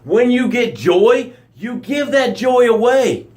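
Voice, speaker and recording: A man hosting a motivational live broadcast, speaking directly to his listeners in short punchy phrases and swinging from loud emphasis to hushed low lines. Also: expressive, takes it slowly. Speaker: motivational coach and show host.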